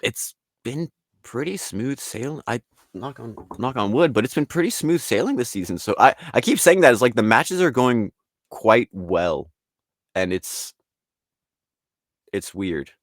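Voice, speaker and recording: An artist and league founder guests on an interview podcast, speaking a little slowly at a medium pitch. His talk is casual, rambling, and animated, with quotes from other people acted out in voices, and the studio-quality audio has no echo.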